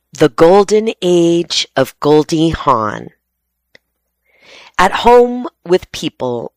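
A woman with a low voice reads magazine articles aloud for a radio reading service. She takes her time and keeps an even pace. The studio sound is close and dry. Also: no room sound. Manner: steady, unhurried reading voice.

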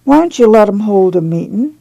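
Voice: medium pitch, animated, a little fast, creaky, mellow, dry recording, poor audio. A reader voicing a nervous, complaining young girl who speaks plaintively. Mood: fretful. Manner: fretful, plaintive.

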